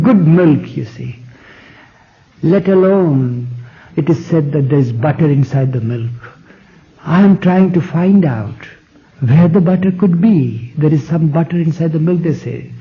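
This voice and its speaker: A man voicing a poor, timid shepherd boy who speaks with hesitation before a king, in a dull old tape recording. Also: fairly high pitch. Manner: hesitant, trembling.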